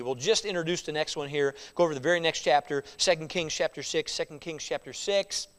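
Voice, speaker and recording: Male pastor, conversational sermon, higher voice, big echoing sanctuary. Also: clean tone. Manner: emphatic, conversational, with repeated restarts. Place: church sanctuary.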